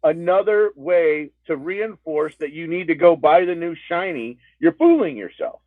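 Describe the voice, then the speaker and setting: Livestream co-host, male, slightly high voice, dry close sound, talks in restarts. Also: lively intonation, moderate pace, no room sound. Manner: rambling, restarts a lot. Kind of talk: casual chat. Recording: tinny phone-like line.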